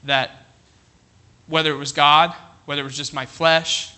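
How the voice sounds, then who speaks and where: Preaching to a church congregation, a man with a high voice sounds very bright and forceful yet flat in delivery. He keeps asking the room if they're ready and reads scripture in a slower, quieter voice.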